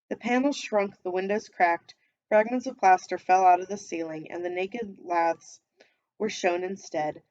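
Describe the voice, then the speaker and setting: A woman reading a classic novel aloud in an even, measured storytelling manner, stopping now and then to comment. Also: fairly low pitch, dull audio. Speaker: reader.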